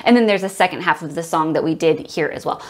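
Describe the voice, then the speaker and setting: A woman's voice: sits low, fast talker. Woman music teacher explaining a lesson. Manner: explains, then models chants and solfege in a bright sing-song voice. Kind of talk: classroom demonstration for teachers.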